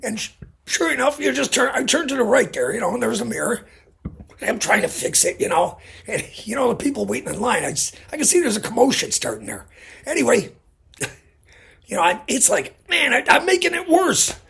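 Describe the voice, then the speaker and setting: Very raspy, gravelly-voiced man. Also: very high voice, sing-song, a little fast, a bit bright. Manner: rambling, chatty, frequent asides. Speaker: vlogger. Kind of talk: casual storytelling. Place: Illinois.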